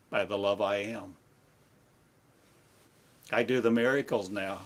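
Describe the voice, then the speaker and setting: A man giving a slow, meditative sermon in halting, repetitive phrases, like an incantation. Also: medium pitch. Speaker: spiritual teacher.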